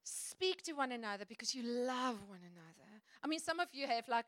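A woman preaching to her congregation in an earnest, chatty way, quick to laugh. Her voice is bright and forceful, sitting a little high. The sound is close and dry. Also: sing-song, no room sound. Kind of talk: sermon. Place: church.

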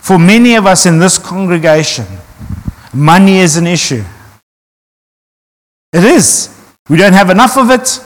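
A man's voice: sits high, expressive, unhurried, pauses often, long reverb tail. A man, preaching earnestly to his congregation and asking rhetorical questions. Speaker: pastor. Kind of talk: sermon.

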